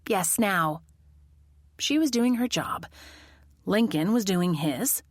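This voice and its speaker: A woman narrating a mystery audiobook in the first person, with expressive, lively storytelling. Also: mid-range voice, unhurried, no echo, studio quality.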